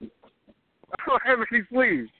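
A man's voice: very high-pitched, big pitch swings, takes it slowly, slightly rough, dry recording. A man calling in by phone, trading smug, teasing wrestling-style trash talk. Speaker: caller. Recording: tinny phone line.

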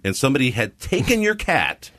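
A lively man hosting a podcast, whose voice sits in a middle register and swings widely in pitch as he spins a story. He laughs often and slips into the voices of the people he describes. The sound is close and dry. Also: fairly quick, dry recording. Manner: animated, laughs often, acts out quoted voices. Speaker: podcast host. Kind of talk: casual storytelling chat.

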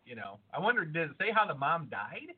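A man with a high, animated voice co-hosts a podcast, excitable and quick to spin odd theories, with plenty of swearing. The sound is thin and phone-like. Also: slightly rough. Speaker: podcast co-host. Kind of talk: casual chat.

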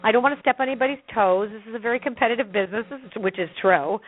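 A woman's voice: fairly high pitch, very fast. A woman with a Canadian accent, a guest in an interview, telling a story with lots of laughter and acting out her own quotes. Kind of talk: animated storytelling in conversation. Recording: phone-like lo-fi line.

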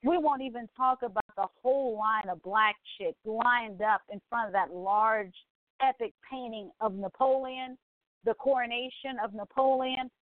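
Excitable woman in her forties, phone-like sound. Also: fairly high pitch, normal speed, no room sound. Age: 40s. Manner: excitable and gushing, frequent exclamations. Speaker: podcast host. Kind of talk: casual chat. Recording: tinny phone-like line, dry.

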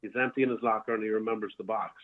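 With a fairly low, steady voice and a fast way of talking, this bar owner tells a long, wandering story as a guest. He's calling from home on a tinny phone line, restarting frequently and leaning on fillers.

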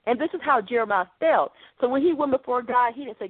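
A woman's voice: fairly high pitch, fast, hardly any pauses, slightly rough, no echo. A woman preacher delivering an earnest, conversational podcast sermon. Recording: dry, phone-like narrow sound.

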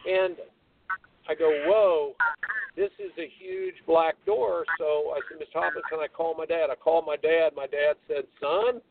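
A man's voice: a little high, normal speed, vocal fry, slight background noise. Older man telling a story over the phone. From American Midwest. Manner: animated storyteller, acts out quoted voices, laughs. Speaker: guest tennis coach. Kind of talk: storytelling on a radio talk show. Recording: tinny phone line, distant.

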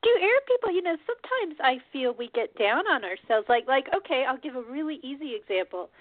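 A woman's voice: high-pitched, sing-song, fairly quick, dry recording. Rambling woman host on a phone line. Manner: rambling, laughing, self-deprecating. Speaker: radio show host. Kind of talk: casual interview talk.

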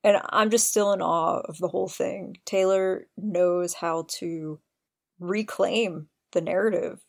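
A woman's voice: on the low side, steady tone, slow, creaky. A woman hosting a podcast, eagerly recounting scenes in detail with open admiration. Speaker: podcast host. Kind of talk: casual chat.

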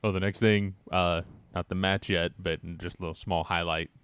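A man's voice: low voice, level tone, moderate pace, a bit bright, smooth, dry recording. A man co-hosting a wrestling podcast, mostly agreeing with short replies. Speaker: podcast co-host. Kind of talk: casual wrestling chat.

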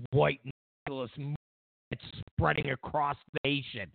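A man's voice: fairly high pitch, big pitch swings, slow, gravelly, long pauses, narrow, tinny audio, a little hiss or hum. A man hosting a political commentary show, ranting sarcastically and incredulously, stammering through restarts.

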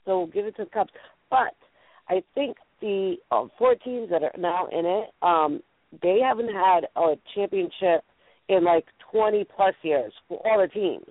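A woman's voice: medium pitch, unhurried, no room sound. A woman with a New England accent hosting a casual chat show, playful and rambling with lots of fillers. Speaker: radio show host. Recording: tinny phone line, dry.

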